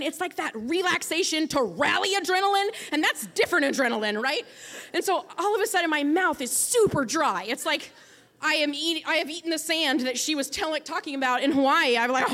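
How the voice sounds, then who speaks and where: A young woman in her twenties with a bright, high voice tells a funny personal story. She is animated and self-mocking, acting out the other voices in the tale and breaking into loud bursts when the story heats up. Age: 20s. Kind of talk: personal story, stand-up style.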